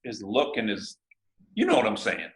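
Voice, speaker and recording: A man's voice: lowish voice, huge pitch swings, moderate pace, vocal fry, echoey room, low-quality recording. A man talking as a guest over a video call, laid-back and rambling with lots of filler. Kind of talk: casual interview chat.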